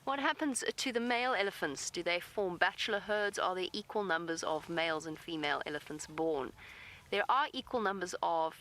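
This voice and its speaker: Bright-voiced woman giving calm safari commentary. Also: lowish voice, brisk, a little hiss or hum, rough recording. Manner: calm and gentle, speaking softly to the animals nearby. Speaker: safari guide and live presenter. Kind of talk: live wildlife commentary answering viewer questions. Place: outdoors in an open safari vehicle.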